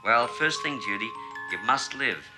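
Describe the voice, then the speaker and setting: An actor playing a late-night radio talk host, who speaks to a caller in a soothing, upbeat, coaxing way. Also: male voice, mid-range voice, animated, measured pace, over loud music, lightly acted, rough recording. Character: cheerful radio host, earnest and reassuring. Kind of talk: film drama acting.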